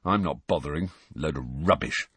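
A man's voice: extremely low pitch, moderate pace, a bit bright, breathy edge, no room sound, voice pushed down, full character voice. Harry, a man doing a curt teenage boy. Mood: irritable. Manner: short, curt. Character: Harry, irritable teenage schoolboy.

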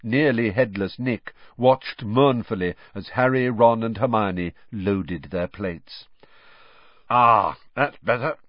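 A man narrating a storybook audiobook in a measured, expressive way. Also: fairly low pitch, no echo, muffled recording.

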